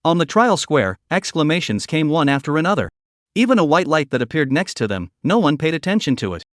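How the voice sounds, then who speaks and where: A man narrating a scripted story recap in a steady, even reading voice. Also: a little high, fairly quick, dry recording, studio quality.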